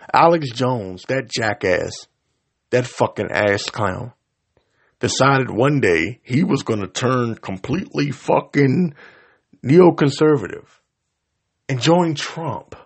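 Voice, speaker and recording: A man delivering a profane, confrontational rant straight to his audience, swinging between loud outbursts and low mutters. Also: husky. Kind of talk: profane angry rant to camera.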